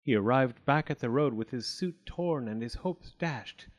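A man narrating a storybook aloud in an expressive way, slipping into character voices. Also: medium pitch, unhurried, dull audio.

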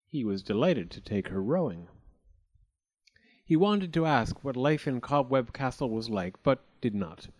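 A man narrating a storybook aloud in an expressive way, slipping into character voices. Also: medium pitch, measured pace.

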